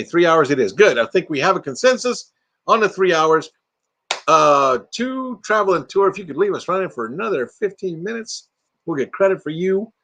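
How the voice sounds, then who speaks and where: A sleepy older man in his sixties chats through a late-night live stream from his RV, rambling, playful, and prone to silly voices. His pitch sits a touch high and bounces around a lot. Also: fairly bright tone. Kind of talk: casual live-stream chat. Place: inside an RV.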